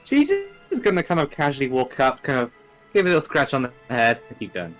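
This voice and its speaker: A man's voice: mid-range voice, expressive, fairly quick, music in the background. A man playing a tabletop game, describing his character in a playful, upbeat, slightly hesitant way. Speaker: player. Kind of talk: tabletop role-play chat.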